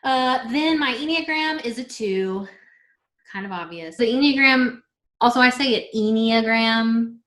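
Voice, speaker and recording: A woman's voice: high voice, moderate pace, bright, forceful tone. A woman in her thirties chatting casually about herself on a vlog. She is giggly and trails off with lots of filler words. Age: 30s. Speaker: vlog host being interviewed. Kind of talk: casual chat. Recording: roomy echo.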